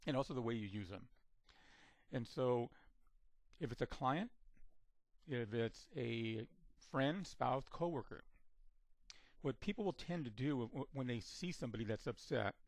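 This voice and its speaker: There is no room sound in this dry, close recording of a communication trainer. His pitch is average and his instructional delivery is measured and steady, though he often repeats and restarts words while going step by step.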